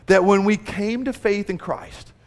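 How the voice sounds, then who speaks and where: A man's voice: high-pitched, steady tone, a little slow, long reverb tail. A man preaching a sermon, earnest and building emphasis as he retells a story. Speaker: pastor.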